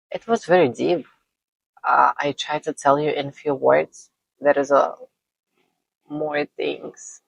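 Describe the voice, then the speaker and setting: Slow, gravelly-voiced woman, non-native English. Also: deep voice, no room sound, rough recording. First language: not English. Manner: laughs often between phrases. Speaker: vlogger. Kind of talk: personal storytelling.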